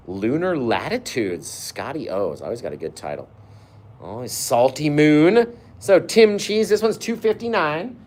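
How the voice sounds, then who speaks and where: A man's voice: on the high side, a little mellow, reverberant, slight background noise. A man hosting a live painting show, chatting casually with viewers, reading their comments aloud and laughing often.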